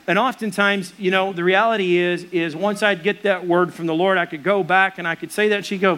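A man's voice: high voice, fairly even intonation, a little fast, hardly any pauses, a bit bright. A middle-aged man preaching a sermon as a pastor, earnest and conversational.

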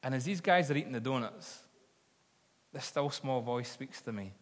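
A man's voice: mid-range voice, animated, moderate pace. A man preaching a sermon, telling stories earnestly and building to fervent appeals. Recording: long hall reverb.

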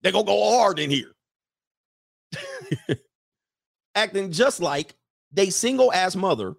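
A man's voice: sits high, wildly swooping pitch, takes it slowly, vocal fry, slightly rough. A man hosting a livestream show, giving a mocking, profane monologue full of repeated rhetorical questions.

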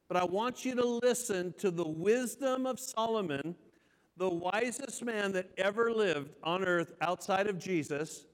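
High-voiced pastor preaching in a reverberant hall. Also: male voice. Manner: reads scripture slowly with strong emphasis, then restates it. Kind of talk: sermon. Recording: long church hall reverb.

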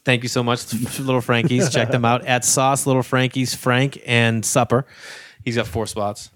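A man's voice: medium pitch, moderate pace. A male comedian telling a long anecdote on a podcast, casually, acting out every voice in the story. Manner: animated, acts out every voice in the story. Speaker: guest comedian.

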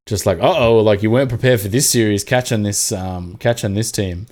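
Australian male podcast co-host, lowish voice, loose and animated, swears freely. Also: fairly quick. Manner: animated, swearing, acts out mock quotes. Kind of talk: casual sports chat.

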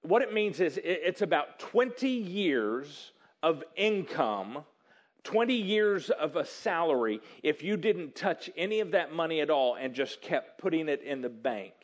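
A man preaching a sermon, telling a story with lively, animated delivery and acting out excited characters. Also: fairly high pitch, unhurried. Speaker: pastor.

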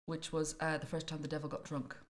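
A woman telling a folktale in a lively, jokey way during a casual chat. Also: deep voice, fast. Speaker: podcast co-host telling a folktale.

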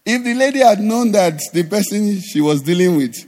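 Male pastor, middle-aged, high voice, animated sermon delivery. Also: normal speed. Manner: animated preaching with sudden drops to a low conversational voice and acted asides.

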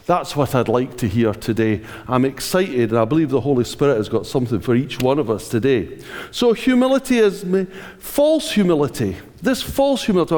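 Animated male preacher in a reverberant hall. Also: a little high. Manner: animated, emphatic and conversational, with rhetorical questions. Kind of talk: sermon.

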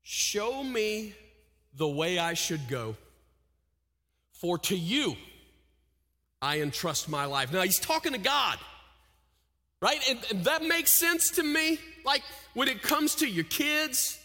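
High, bright-voiced preacher in a reverberant hall. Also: male voice, big pitch swings, takes it slowly, pauses often. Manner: swings from hushed, intimate lows to loud pleading cries. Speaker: pastor. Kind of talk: sermon.

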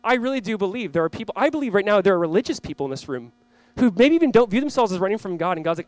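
A man preaching a sermon as pastor, impassioned, swinging from loud cries to hushed low lines, acting out quoted voices in a casual way. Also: sing-song, very fast, no echo. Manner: impassioned, voice rising and dropping sharply.

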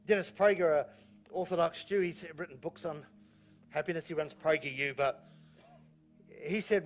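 A man's voice: a little high, moderate pace, pauses often, faint music behind. A male pastor preaching a sermon in church, repeating key phrases with emphasis and telling jokey stories. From New Zealand. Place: church auditorium.

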